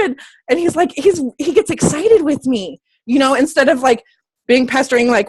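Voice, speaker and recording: A woman's voice: high-pitched, a little fast, no room sound. A woman fitness coach giving her team a casual motivational talk, bubbly and chatty, often correcting herself mid-sentence. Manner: excitable, squeals when happy.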